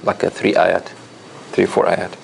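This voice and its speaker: A man's voice: deep voice, little pitch movement, a little slow, vocal fry, slight background noise. A man teaching a tajweed class, correcting students' recitation with patient explanations. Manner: gentle corrective explanations with light laughs.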